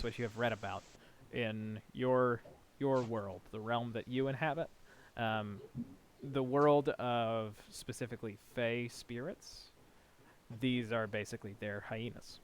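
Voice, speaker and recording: Brief: male game master, casual narration, quick laughs. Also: medium pitch, smooth.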